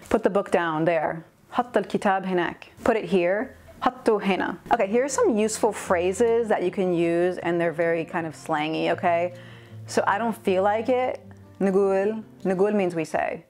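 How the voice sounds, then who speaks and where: A woman's voice: fairly low pitch, darkish tone. A woman giving a casual lesson on slang words, switching back and forth between languages as she explains each phrase. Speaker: language teacher.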